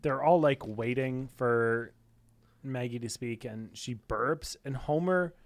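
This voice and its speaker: A man co-hosting a casual chat, tossing in quick quips. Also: mid-range voice, dry recording. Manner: quick quips, laughing asides. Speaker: podcast co-host.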